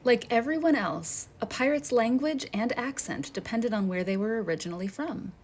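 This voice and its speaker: A woman's voice: fairly high pitch, animated, moderate pace, a little hiss or hum. A woman museum educator, narrating a children's history lesson and asking her listeners friendly questions.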